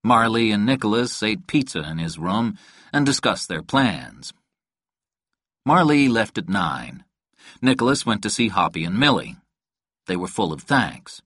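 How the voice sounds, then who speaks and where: Man, low voice, calm audiobook narration, dry close sound. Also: a little slow, no echo. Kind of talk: scripted narration.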